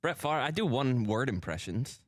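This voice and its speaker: A male staffer gets pulled into studio banter and answers sheepishly. His pitch moves a lot, and the sound is dry and close. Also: sing-song, normal speed, no echo. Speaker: show staff member.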